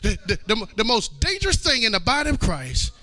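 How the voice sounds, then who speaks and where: A pastor in his forties preaching a shouted call-and-response sermon in a church, with a rhythmic cadence and an "uh" before each phrase. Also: high-pitched, huge pitch swings, fairly quick. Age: 40s. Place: church sanctuary.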